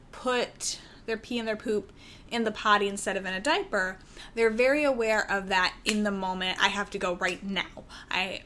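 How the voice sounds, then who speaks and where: A woman talks to camera about parenting in an unhurried, reassuring way, often pausing on "um" and restarting her sentences. Her voice sits at an ordinary middle pitch. A faint background hiss runs under the recording. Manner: calm and reassuring, many "um" fillers and restarts. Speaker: parenting advice vlogger. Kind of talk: casual advice talk to camera.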